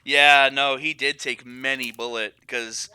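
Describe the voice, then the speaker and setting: Sharp-toned, profane gaming streamer man. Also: medium pitch, a little slow, smooth, no room sound. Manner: profane, excitable outbursts, rambling explanations. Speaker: game streamer. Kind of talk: live gaming stream commentary to chat.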